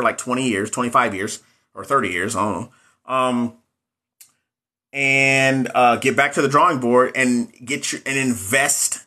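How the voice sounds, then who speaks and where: Man, exam coach, livestream chat, bright forceful voice, candid, rambling, phone mic. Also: mid-range voice. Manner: candid, rambling, frequent fillers and restarts. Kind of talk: casual livestream chat answering viewers.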